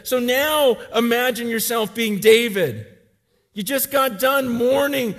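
A man in his forties preaching a sermon, telling a story with animated swings between loud urgency and quiet intensity. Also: very high-pitched, a little slow. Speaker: pastor.

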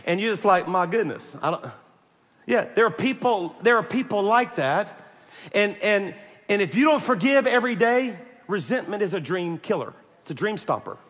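A man preaching a sermon, animated and joking, pressing his points hard and calling out to the congregation. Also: high-pitched, moderate pace, big-room sound. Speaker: pastor.

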